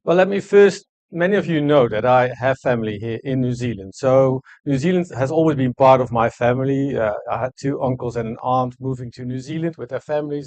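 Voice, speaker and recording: A man whose first language is Dutch answers questions in a fireside chat, stopping and restarting with plenty of fillers. His voice sits at a middling pitch. The sound is dry and close. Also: darkish tone, no room sound. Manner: halting, many fillers and restarts. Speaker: ambassador. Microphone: no microphone, room.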